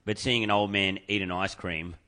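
A man's voice: sits low, steady tone, pushed and bright. A man, talking hesitantly in casual chat with many fillers. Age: 30s. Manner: hesitant, halting, full of fillers. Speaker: comedian podcast host.

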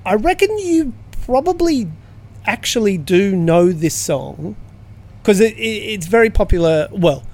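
A man's voice: high voice, animated, a little slow, darkish tone. A man hosting a quiz segment in casual, chatty conversation with theatre guests. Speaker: radio quiz host. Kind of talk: casual chat.

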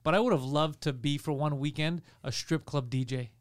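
A man's voice: fairly high pitch, brisk, dry recording, clean studio sound. A man bantering on a comedy podcast, joking and swearing. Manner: joking, puts on silly voices, profane.

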